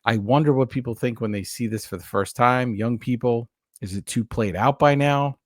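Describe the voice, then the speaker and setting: A man's voice: mid-range voice, normal speed, dry recording, studio quality. A man co-hosting a podcast, talking casually and at length, often restarting his sentences as he recaps scenes. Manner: rambling, self-correcting, animated recaps. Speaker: podcast co-host. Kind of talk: casual chat about a horror movie.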